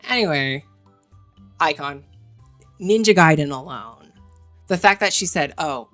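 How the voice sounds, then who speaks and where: A woman's voice: sits low, lively intonation, measured pace, fairly bright tone, faint music behind. A woman ranking game characters in casual, gushing commentary, chatty and full of fillers.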